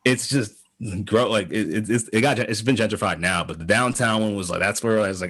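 A man's voice: on the low side, a little fast, a bit bright, husky. Rambling man telling stories. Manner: rambling with many restarts and acted-out quotes. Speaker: podcast host. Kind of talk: casual storytelling chat.

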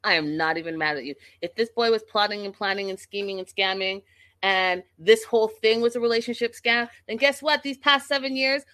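A woman's voice: mid-range voice, brisk. Sassy woman recapping reality TV. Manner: sassy, animated, talks straight to viewers. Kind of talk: casual recap commentary.

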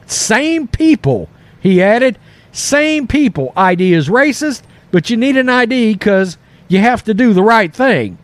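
A man hosting a reaction commentary video, talking in an animated, mocking way. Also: high voice, measured pace, no room sound. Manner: animated, mocking, puts on quoted voices. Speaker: commentary host.

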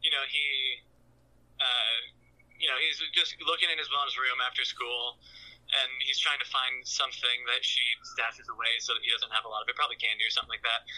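A man's voice: mid-range voice, pushed and bright, low-quality recording. A man telling a long joke as a caller, rambling with fillers. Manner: rambling storyteller.

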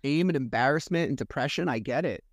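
A man's voice: medium pitch, animated, quick pace, no room sound, studio quality. A man hosting a podcast, asking brief, sympathetic questions. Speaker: podcast host. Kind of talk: interview questions.

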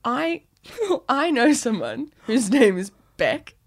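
A woman's voice: a little high, takes it slowly. A woman co-hosting a podcast, chatting casually, riffing on jokes and laughing often. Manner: giggly, animated, riffs on jokes. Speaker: podcast co-host. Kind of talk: casual chat.

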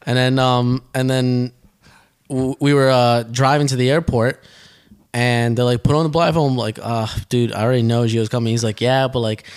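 Young man, podcast co-host, casual rambling storytelling, mid-pitched voice. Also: moderate pace, clean tone. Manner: rambling, animated storytelling with restarts.

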